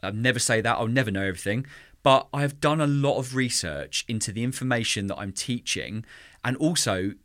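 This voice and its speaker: A man's voice: medium pitch, fairly quick, no echo, clean studio sound. A man co-hosting a podcast, talking passionately about music teaching and scatting drum rhythms. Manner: passionate, animated, mimics drum rhythms vocally. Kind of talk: casual podcast chat.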